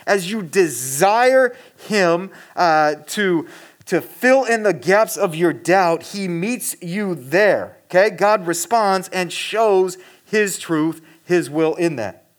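A man with a high voice gives a casual sermon to a gathered congregation. He speaks earnestly and straight to his listeners. His talk is loose, with many fillers and restarts. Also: lively intonation, takes it slowly. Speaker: pastor.

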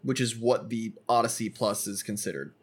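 A man's voice: on the low side, normal speed, breathy edge. Enthusiastic young man explaining gear. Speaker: podcast co-host. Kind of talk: casual chat.

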